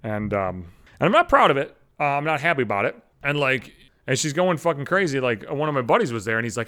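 A man's voice: mid-range voice, big pitch swings, fast, sharp tone. A man hosting a solo comedy podcast, ranting in a profane, exasperated and self-mocking way. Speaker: podcast host.

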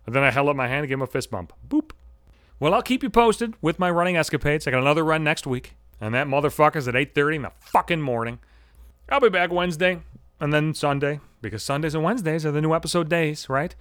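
A man's voice: fairly high pitch, fast talker, a bit bright, no echo, clean studio sound. A man in his thirties hosting a solo podcast, telling a story in a brash, profane, sardonic rant. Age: 30s. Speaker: podcast host.

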